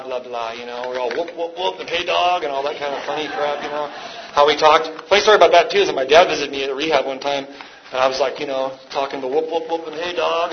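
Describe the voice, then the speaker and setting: A man shares his recovery story with a meeting crowd in a loose, rambling way, poking fun at himself and laughing often. The recording is muffled and lo-fi, with steady noise underneath. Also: mid-range voice. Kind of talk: personal story told to a live meeting. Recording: dull lo-fi with background noise.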